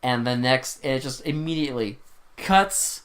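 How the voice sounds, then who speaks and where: Animated man recapping a movie. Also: mid-range voice, measured pace. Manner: animated, acts out characters' lines, swears. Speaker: podcast co-host. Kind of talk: casual movie recap chat.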